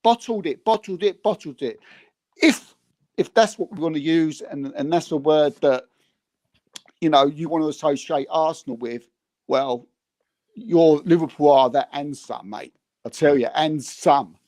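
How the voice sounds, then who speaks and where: A man's voice: on the high side, measured pace, long pauses, darkish tone, dry recording. A man, a podcast co-host in casual football chat, talking in a rambling, heated, mocking way and repeating words.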